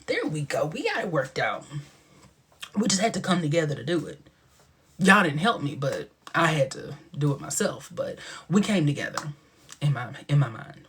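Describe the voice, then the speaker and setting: Husky-voiced man hosting a lively livestream. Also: on the high side, moderate pace. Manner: animated storytelling with dramatic quoted voices and whispered asides. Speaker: livestream host. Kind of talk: casual livestream chat.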